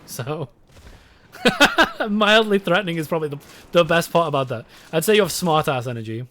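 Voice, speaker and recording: A man's voice: fairly high pitch, expressive, normal speed, a bit bright. A young British man streaming a game, chatting casually with his chat, swearing and rambling. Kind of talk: casual live-stream chat while gaming.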